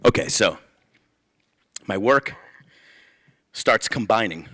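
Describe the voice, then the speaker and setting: A man who is a playwright and performer reads spoken-word verse and tells stories animatedly, acting out the voices of the people he quotes. His voice is lowish and his pace slow.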